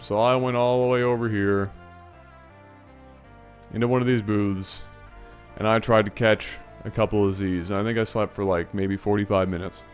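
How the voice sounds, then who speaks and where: A man casually telling a long story to his viewers, animated and rambling. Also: lowish voice, normal speed, faint music behind. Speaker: storytelling video host.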